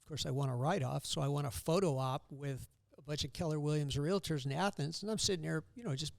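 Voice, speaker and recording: Older male guest, gravelly and fairly high, upbeat joker, dry close sound. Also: fast, no room sound. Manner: joking, upbeat storyteller. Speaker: guest loan officer. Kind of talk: casual podcast storytelling.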